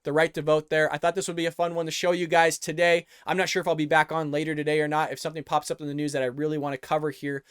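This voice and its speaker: Earnest male vlog host from the US, slightly high voice, dry close recording. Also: clean tone, no room sound. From United States. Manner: earnest, repeats words and restarts, addresses viewers as folks. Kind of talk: political commentary vlog.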